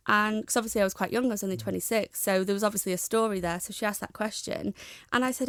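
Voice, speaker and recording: A young woman, a guest in an interview, speaking frankly and reflectively in a steady way. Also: medium pitch, fast talker, no room sound, clean studio sound. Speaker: guest, charity founder. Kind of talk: candid interview talk.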